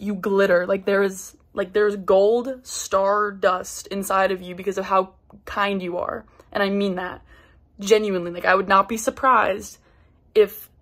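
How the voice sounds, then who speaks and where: A young woman in college giving an excited, effusive tribute to her friend and former suitemate. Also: medium pitch. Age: young adult. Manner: bubbly and effusive, gushing with praise. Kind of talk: recorded video message.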